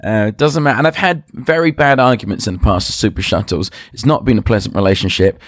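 A man's voice: lowish voice, fast talker, no echo. Rambling hesitant man, dry close sound. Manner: rambling, hesitant, full of uh and restarts. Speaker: guest magician. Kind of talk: casual podcast chat.

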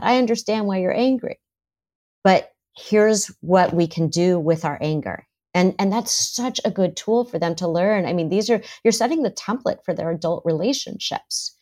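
A middle-aged woman, a therapist, talking in a podcast interview and acting out what parents and children say. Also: lowish voice. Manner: animated, acts out parents' and children's voices. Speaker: therapist and author, guest.

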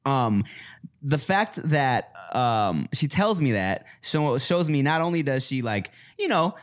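A man's voice: medium pitch, big pitch swings, slow. A man hosting a casual podcast chat, rambling with many fillers and joking asides.

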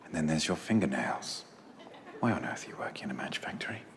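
An actor playing a stern, sharp-eyed male detective who lists clues in a clipped, cool manner, from a film clip. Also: very deep voice, animated, fast talker. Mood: coolly deducing. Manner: clipped, coolly deducing. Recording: film clip with roomy echo, faint noise.

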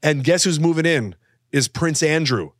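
A man's voice: fairly high pitch, expressive, normal speed, no echo, clean studio sound. A man co-hosting a comedy podcast, joking and rambling with lots of fillers. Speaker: podcast co-host. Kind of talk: casual comedic chat.

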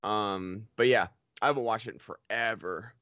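A man's voice: fairly low pitch, normal speed, pushed and bright, no echo, muffled recording. A man hosting a casual talk show, rambling and filling his speech with "like". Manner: rambling, heavy on "like". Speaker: podcast host. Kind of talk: casual chat.

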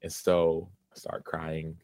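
A man's voice: extremely low pitch, monotone, slow, a little mellow, dry recording. A man in his thirties, a former football player, earnestly recounting a personal story in an interview, with many restarts.

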